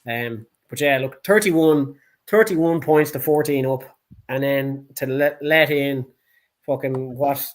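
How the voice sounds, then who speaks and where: A man's voice: mid-range voice, slow. A man with a Dublin accent co-hosting a casual sports chat, blunt, heated and full of swearing. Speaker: podcast co-host.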